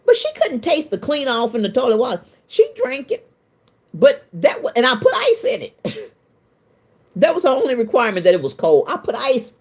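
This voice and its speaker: Middle-aged woman, stream host, lively storyteller with a wide-ranging pitch and a colloquial, self-mocking delivery. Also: moderate pace, breathy edge. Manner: animated, laughs often, colloquial and self-mocking. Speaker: livestream host. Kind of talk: casual storytelling to a live chat.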